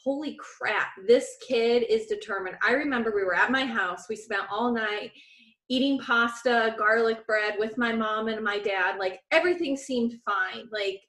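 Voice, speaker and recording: A woman's voice: on the high side, moderate pace, reverberant. A woman co-hosting a podcast, telling a story in casual chat and acting out the quoted lines. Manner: animated storyteller, acts out quotes. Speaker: podcast co-host.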